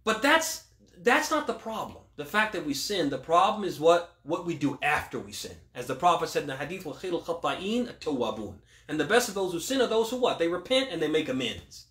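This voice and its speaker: Imam guy doing q&a, lively up-and-down voice, fires off arabic quotes, roomy echo. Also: fairly high pitch. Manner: asks rhetorical questions and answers them; quotes Arabic scripture quickly. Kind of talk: religious Q&A talk. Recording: echoey room.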